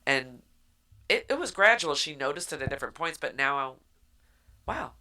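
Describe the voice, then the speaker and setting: Low-pitched bright-voiced woman podcast host. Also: moderate pace. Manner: animated, with voiced retellings. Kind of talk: casual book-recap chat.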